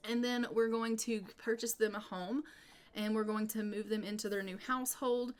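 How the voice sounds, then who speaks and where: A woman's voice: fairly high pitch, fairly even intonation, normal speed, smooth. A woman narrating her life-sim gameplay in an upbeat, casual way, often repeating "go ahead.". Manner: upbeat, repetitive "go ahead" phrasing. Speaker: gameplay video creator.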